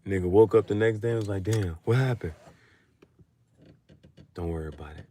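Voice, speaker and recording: A vlogger delivers a casual late-night monologue at a racing pace, talking animatedly, laughing often, and swinging between low mutters and loud outbursts. A slight hiss or hum runs underneath.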